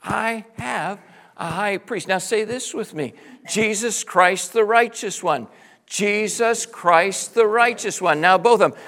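A man preaching a sermon as pastor, swinging between hushed lines and loud shouted bursts, acting out his listeners in quotes. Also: high voice, takes it slowly. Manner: acts out listeners' voices in quotes.

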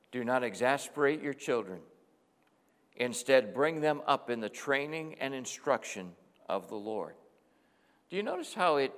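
A middle-aged man preaching a sermon as pastor, moving between quiet reflection and emphatic exhortation. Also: medium pitch, long reverb tail.

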